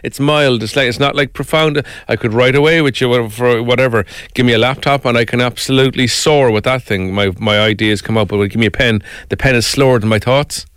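A middle-aged Irish man telling personal stories as an interview guest, animated and emotional, often tagging on "right?". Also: mid-range voice, quick pace, hardly any pauses, smooth, no echo, clean studio sound. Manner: animated, emotional storyteller with many "right?" asides. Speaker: guest, former English teacher. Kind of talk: casual storytelling interview.

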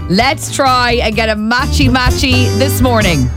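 Slow-spoken woman radio host. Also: on the high side, music in the background. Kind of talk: radio quiz chat. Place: radio studio.

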